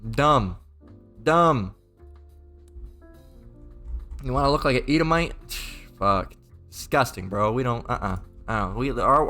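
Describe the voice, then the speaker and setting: A man's voice: medium pitch, bright, forceful tone. Crude, rambling man ranting a sermon. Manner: mocking, crude, repetitive, stumbling restarts. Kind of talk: profane rambling religious rant.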